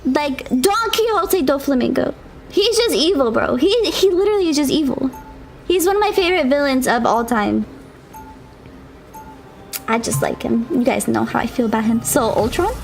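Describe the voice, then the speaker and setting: A young woman streaming a video game, chatting casually with viewers and reacting with loud shrieks. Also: sits high, animated, moderate pace, vocal fry. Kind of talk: casual live-stream chat while gaming. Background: game music and sounds.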